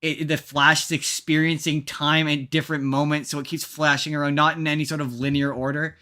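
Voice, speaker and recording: A man's voice: on the high side, little pitch movement, brisk, bright, forceful tone. A man hosting a podcast in casual chat, rambling and restarting his sentences often. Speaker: podcast host.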